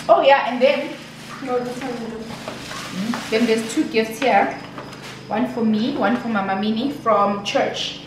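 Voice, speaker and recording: A South African woman chats warmly through her vlog in a gushing, emotional way. She sounds a little distant from the mic in a roomy space. A steady hiss sits under her voice. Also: fairly high pitch, a little slow, pauses often. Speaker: vlogger. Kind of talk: casual vlog chat. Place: home. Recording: echoey room, mic at a distance, steady noise.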